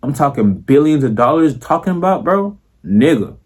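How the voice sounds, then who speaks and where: His voice is a little high, with big pitch swings, a moderate pace, a darkish tone and a breathy edge. This young man with a Florida accent is a content creator talking to camera, casual and profane, leaning on slang and filler tags, and he repeatedly says "you feel me."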